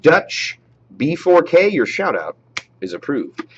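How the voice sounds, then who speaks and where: A man hosting a live show, chatting casually and reading out viewer shout-outs. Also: on the high side, wildly swooping pitch, slow pace, slightly rough, lo-fi sound. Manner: reads viewer names and approves shout-outs, chatty with fillers. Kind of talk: casual live stream chat.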